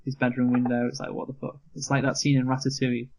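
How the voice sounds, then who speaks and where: Husky-voiced guy ribbing his cohost, swears a lot, dry. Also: medium pitch, completely flat delivery, quick pace, a little mellow, poor audio. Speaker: podcast co-host. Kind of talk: casual movie review chat.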